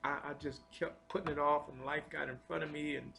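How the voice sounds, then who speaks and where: A man telling a personal spiritual testimony in an earnest, confessional way, halting and often repeating his words. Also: on the high side, vocal fry, bright, forceful tone, slight background noise. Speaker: storyteller sharing a personal testimony.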